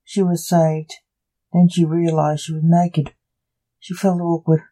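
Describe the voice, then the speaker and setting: A narrator reading a dark short story in a slow, deliberate way. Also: medium pitch, level tone, poor audio.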